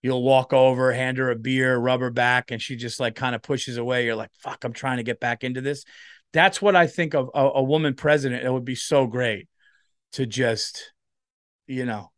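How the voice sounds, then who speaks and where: Podcast comedian: tired man, rambling, profane, animated, mid-pitched. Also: moderate pace, no room sound, clean studio sound.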